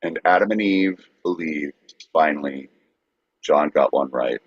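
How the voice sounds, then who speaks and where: A man co-hosting a podcast, joking playfully in a deadpan way. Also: very deep voice, unhurried, no room sound, muffled recording. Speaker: podcast co-host. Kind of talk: casual banter.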